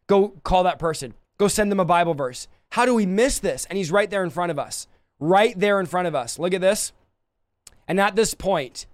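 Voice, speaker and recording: A man preaching a livestreamed sermon, impassioned, swinging between soft and loud passages. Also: high-pitched, clear, resonant tone, no echo.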